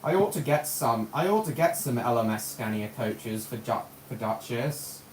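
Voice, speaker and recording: A man chats loosely on a live stream and thinks out loud, now and then answering viewers. His voice is at an everyday pitch. The room echoes around him, with a faint hum in the background. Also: animated, normal speed. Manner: rambling, chatty, talks to himself and to viewers' comments. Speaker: livestreamer running a model railway. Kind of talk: casual live-stream chat.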